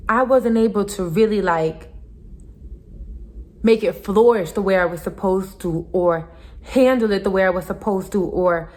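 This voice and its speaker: A woman's voice: mid-range voice, a little slow, a little mellow. A young adult woman giving an earnest, casual motivational talk to camera as a vlogger, repeating her points for emphasis. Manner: earnest, repetitive, emphatic with little laughs.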